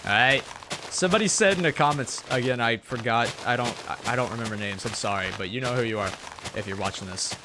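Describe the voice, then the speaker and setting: A man's voice: medium pitch, fast talker, background noise. A young man from Tennessee with a Southern accent, rambling and joking casually while he plays a game and comments on it, with a sore throat. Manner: rambling, chatty, self-joking. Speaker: gaming channel host. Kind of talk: Let's Play gameplay commentary.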